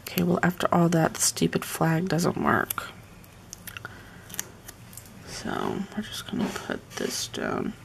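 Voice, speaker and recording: Gravelly woman murmuring to herself. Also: deep voice, huge pitch swings, slow, long pauses, a little hiss or hum. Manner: chatty, often murmuring half-whispered asides to herself. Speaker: planner decorating vlogger. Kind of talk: casual live-stream craft chat. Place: at home with her pets.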